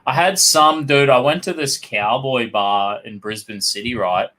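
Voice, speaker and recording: Australian co-host, crude storyteller, lots of swearing, sharp bright tone, casual banter. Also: male voice, medium pitch, unhurried. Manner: crude, swears constantly, tells rowdy anecdotes. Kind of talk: casual chat.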